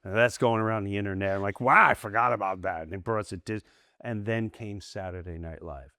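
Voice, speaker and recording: A middle-aged American man, a comedian guest on a podcast, telling candid stories in animated bursts with restarts and acted-out voices. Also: on the low side, a little fast, no echo, clean studio sound. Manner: animated storyteller, acts out quoted voices, frequent restarts. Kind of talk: candid storytelling in a long-form interview.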